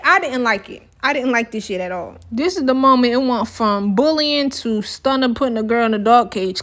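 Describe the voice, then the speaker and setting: A woman giving a candid, opinionated recap of a reality TV episode, talking straight to her viewers. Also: a little high. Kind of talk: casual reaction commentary.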